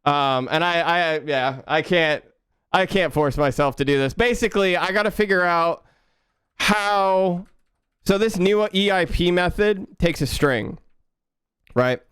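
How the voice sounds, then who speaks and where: A young man chatting casually with his viewers while coding on a live stream, relaxed and quick to laugh. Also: sits high, smooth, no room sound, studio quality. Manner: laid-back, chatty, laughs often, talks to chat.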